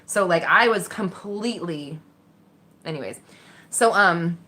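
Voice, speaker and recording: A woman telling a personal story casually, candid and animated, swearing freely and acting out the voices in her head. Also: fairly low pitch, a little slow. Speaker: vlogger.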